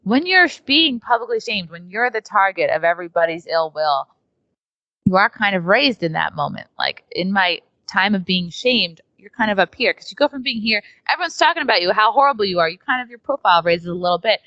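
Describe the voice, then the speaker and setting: A woman's voice: medium pitch, lively intonation, brisk, bright, forceful tone, no echo. A woman comedian from New York, telling a story in a casual, chatty way with lots of filler words as an interview guest. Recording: dry, dull lo-fi sound.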